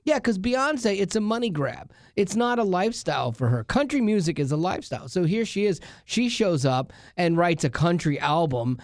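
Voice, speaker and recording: A man's voice: high-pitched, lively intonation, normal speed, few pauses, dry recording, studio quality. A man hosting a radio show, chatting casually and rambling with lots of fillers. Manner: rambling, many fillers and restarts. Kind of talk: casual chat. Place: radio studio.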